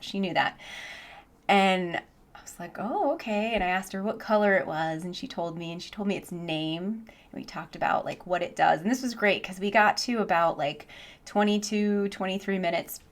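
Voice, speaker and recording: A woman teaching English online, chatting casually in a vlog with lots of "like" and easy laughter, speaking into a boom headset mic from her home office. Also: normal speed. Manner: chatty, says "like" often, laughs easily.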